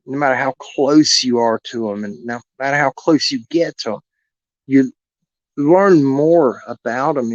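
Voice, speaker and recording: The voice is mid-range and the recording dry. An animal rescue live-streamer recounts a personal, heartfelt story to his audience, wandering earnestly as he goes, all in dull lo-fi stream sound.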